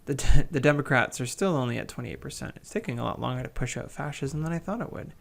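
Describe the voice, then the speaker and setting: A man's voice: mid-range voice, expressive, quick pace, vocal fry. A man giving casual, wry play-by-play commentary on a strategy game he is playing. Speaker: gaming channel host.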